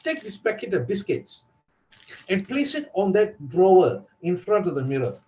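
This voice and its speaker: A man doing a calm head housekeeper woman. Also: sits high, normal speed, a little hiss or hum. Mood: reassuring. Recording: dull lo-fi recording.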